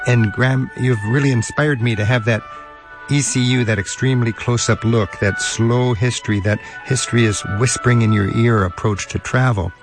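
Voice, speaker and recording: A man hosting a radio travel show, interviewing a guest in an eager, halting way with many fillers. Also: medium pitch, fairly even intonation, music in the background.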